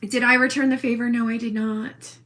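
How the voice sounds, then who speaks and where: A woman's voice: fairly high pitch, flat delivery, brisk, a bit bright. A woman ranting into her own video in a brash, profane, defiant way. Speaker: social media poster. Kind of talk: rambling self-recorded video rant.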